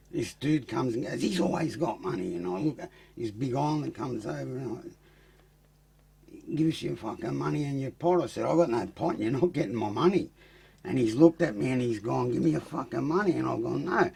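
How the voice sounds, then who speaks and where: A man with an Australian accent telling his story as a podcast guest, blunt and profane, growing animated as he acts out fights. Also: mid-range voice, moderate pace, vocal fry. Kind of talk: casual storytelling.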